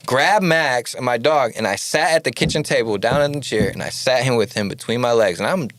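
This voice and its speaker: A man telling a story as a podcast guest, animated and full of casual "like"s, acting out the lines he quotes. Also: medium pitch, fairly quick, dry recording. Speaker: podcast guest, studio owner.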